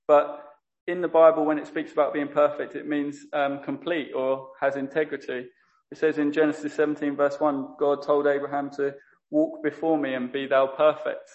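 A man gives a sermon in a fairly high but flat, even voice, earnest and prone to correcting himself mid-sentence. The recording is dull and lo-fi. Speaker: lay preacher.

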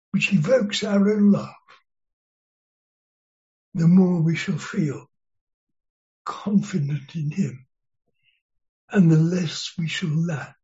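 A preacher giving an expository sermon, speaking in a slow, deliberate and earnest way and leaning on key words. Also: mid-range voice, a little mellow. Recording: dull lo-fi sermon recording.

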